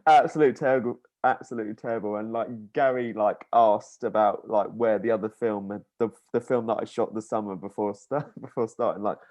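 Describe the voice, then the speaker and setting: A man's voice: fairly low pitch, fairly even intonation, a little fast, hardly any pauses, darkish tone. A young man from England hosting a podcast in casual chat, rambling with lots of fillers and laughs. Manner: rambling, with many likes and laughs. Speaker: podcast host.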